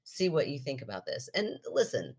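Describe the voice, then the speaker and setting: A woman's voice: a bass voice, big pitch swings, moderate pace, a little mellow, breathy edge. A woman co-hosting a podcast in casual chat, playfully teasing and reading aloud from a book. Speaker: podcast co-host.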